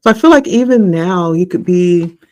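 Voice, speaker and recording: A man giving a spiritual tarot reading in a slow, reflective, encouraging way, his voice a little hoarse from the morning. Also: high-pitched, expressive, a little mellow. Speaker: tarot reader.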